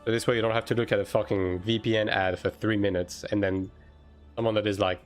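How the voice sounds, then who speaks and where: A man chatting casually on a live game stream, answering chat with lots of fillers and quick bursts. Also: lowish voice, level tone, soft background music.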